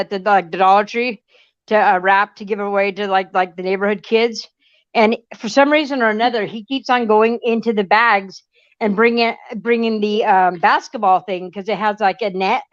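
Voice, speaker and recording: A woman's voice: medium pitch, normal speed, clean tone, no room sound. A woman in a casual live chat, rambling and chatty, cooing in baby talk at her cat. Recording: dry, slightly muffled lo-fi audio.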